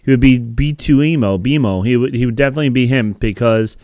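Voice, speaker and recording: A man's voice: mid-range voice, fast, a little mellow, no echo. A man casually recapping a TV episode as a podcast co-host, rambling with many fillers. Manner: rambling, filler-heavy storytelling.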